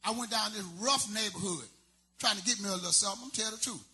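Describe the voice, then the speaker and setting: Male stand-up, loose slangy storyteller, high piercing tone. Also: fast, sharp tone. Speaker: stand-up comedian. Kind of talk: stand-up comedy set.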